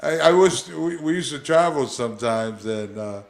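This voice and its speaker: A man's voice: mid-range voice, expressive, moderate pace, vocal fry. A man, a former pro wrestler, telling stories as a guest in a casual interview, rambling with many fillers and restarts.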